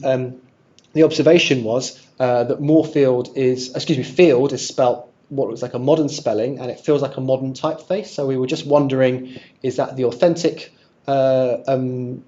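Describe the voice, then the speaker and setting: A man's voice: medium pitch, warm tone. A man presenting an illustrated history talk to an audience, friendly and thinking aloud with restarts. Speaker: archive presenter giving a talk. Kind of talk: illustrated lecture with audience questions. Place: room with a live audience. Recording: dull lo-fi sound.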